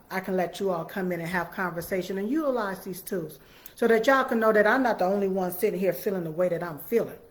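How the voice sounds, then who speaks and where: A woman hosting a casual live stream from her home computer, chatting folksily with viewers. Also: medium pitch. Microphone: computer mic.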